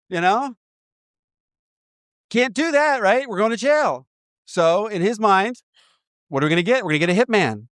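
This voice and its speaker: A man sponsoring in a recovery program, walking a listener through an inventory in a lively, joking way with frequent laughter. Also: high voice, quick pace, long pauses, no echo, clean studio sound. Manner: animated, laughs often, acts out voices. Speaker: AA sponsor guiding a step inventory. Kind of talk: casual teaching talk.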